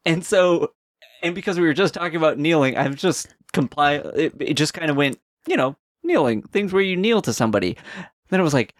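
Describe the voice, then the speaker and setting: A man's voice: a little high, lively intonation, brisk, no room sound, studio quality. A man co-hosting a podcast in casual chat, rambling and laughing often. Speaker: podcast co-host.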